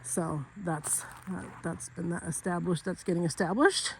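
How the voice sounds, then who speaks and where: A woman with a fairly low, steady voice, moderate pace, and vocal fry chats bubbly and laughing as she walks outdoors on a rural property. The Northern California vlogger's nature vlog is full of fillers and restarts, on a rough recording with faint outdoor background noise.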